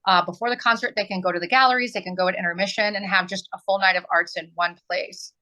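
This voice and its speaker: A woman's voice: mid-range voice, steady tone, quick pace, sharp tone, low-quality recording. A woman in her forties from southern Illinois, answering interview questions earnestly as an arts nonprofit director, with many ums.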